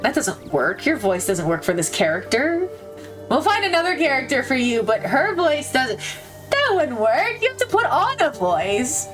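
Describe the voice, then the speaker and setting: A woman's voice: sits high, very animated, normal speed, over music. A young woman hosting a game playthrough, reading the story aloud and chatting playfully with giggles. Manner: playful, giggly, switches between narrating and chatter. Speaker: let's-play host.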